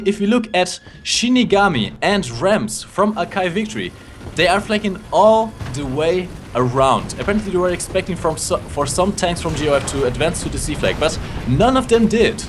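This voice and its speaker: Lively male co-caster with music behind. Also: fairly high pitch. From Germany. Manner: analytical, cheeky, laughs often. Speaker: esports co-commentator. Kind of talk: casual live game commentary.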